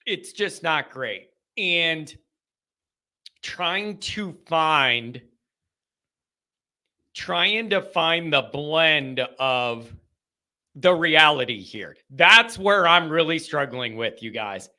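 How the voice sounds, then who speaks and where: Casting note: excitable male call-in host, high and sharp-toned, rambles and circles back on himself. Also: very slow, long pauses. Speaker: sports call-in show host. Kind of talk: live call-in show monologue.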